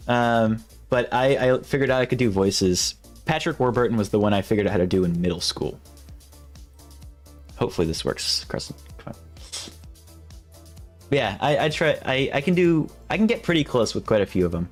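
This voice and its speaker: A man's voice: mid-range voice, animated, normal speed, faint music behind. A man chatting casually on a live stream, rambling and restarting his sentences. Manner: rambling and self-interrupting, breaking off to test impressions.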